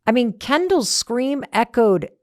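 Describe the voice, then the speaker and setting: A woman's voice: a little high, big pitch swings, slow, a little mellow, no echo. Woman host, motivational talk, emphatic storyteller, dry close sound.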